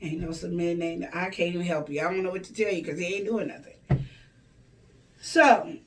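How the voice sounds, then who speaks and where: A woman's voice: fairly low pitch, normal speed, far from the mic, slight background noise. Woman, relationship advice host, folksy and preachy, a little off-mic. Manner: animated, folksy, preachy, acts out quoted lines. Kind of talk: casual advice monologue.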